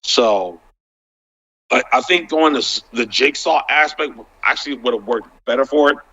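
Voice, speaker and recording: A man chatting as a panel guest, halting and restarting, filling his talk with "like". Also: medium pitch, sharp tone, breathy edge. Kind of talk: casual panel chat. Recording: dull, lo-fi sound.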